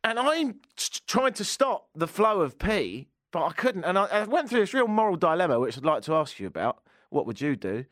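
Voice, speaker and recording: A man's voice: a little high, big pitch swings, a little fast, hardly any pauses, fairly bright tone, dry recording, clean studio sound. An English man hosting a talk show, telling a casual, self-mocking anecdote. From England. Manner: chatty, self-mocking storyteller. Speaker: radio talk show host.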